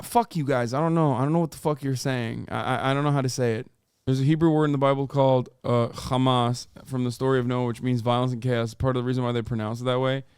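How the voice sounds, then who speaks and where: A man's voice: mid-range voice, a little mellow, clear, resonant tone, no echo, clean studio sound. A man streaming reaction commentary, heated and sarcastic, swearing often.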